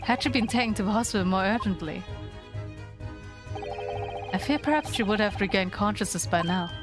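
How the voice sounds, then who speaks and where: A woman reading a game aloud, voicing a pompous, lordly Victorian gentleman detective with a slow, lowered, grandly polite delivery. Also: music in the background, lightly acted. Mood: aloof.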